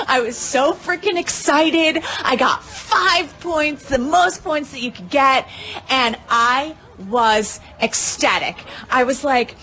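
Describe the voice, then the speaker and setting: A woman gushing excitedly through a story of her own win, swearing freely and full of "like" and "you know.". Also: high voice, unhurried. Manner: uses many fillers like "like" and "you know". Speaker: pinball player telling a tournament story. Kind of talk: casual storytelling monologue.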